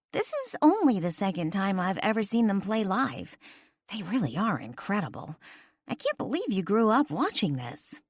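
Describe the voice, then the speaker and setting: Earnest grown-up friend, a touch higher, as a female narrator voices her; dry audiobook sound. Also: a little mellow, dry recording. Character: warm adult woman friend, a mother. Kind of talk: audiobook character voice.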